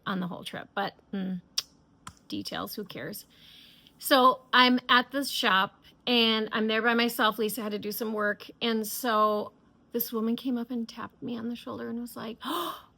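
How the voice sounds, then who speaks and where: A woman's voice: fairly high pitch, normal speed, creaky, bright, forceful tone. A middle-aged woman hosting a knitting podcast, chatting casually and enthusiastically with many fillers and restarts. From United States. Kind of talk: casual chat.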